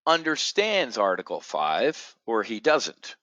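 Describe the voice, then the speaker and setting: A man's voice: fairly low pitch, huge pitch swings, slow pace, no echo, dull audio. Blunt, profane middle-aged man ranting. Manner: blunt, profane, sarcastic, swings from muttering to shouting. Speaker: options trading show host. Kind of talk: ranting monologue.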